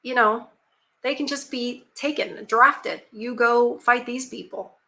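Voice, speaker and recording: A woman's voice: on the high side, steady tone, takes it slowly, gravelly, pushed and bright. A woman hosting her channel, chatting casually and reading a fairy tale aloud with frequent asides and emphatic rhetorical questions. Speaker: channel host. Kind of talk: casual commentary and storybook reading.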